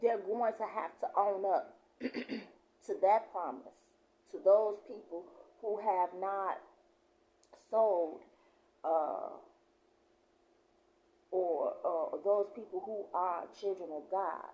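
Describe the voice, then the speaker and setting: Woman preaching slow from the bible, drags out the verses, keeps clearing her throat. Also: medium pitch, dark tone, low-quality recording. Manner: reads verses slowly and emphatically, then talks in loose asides. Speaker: prophetess. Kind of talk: scripture reading with commentary.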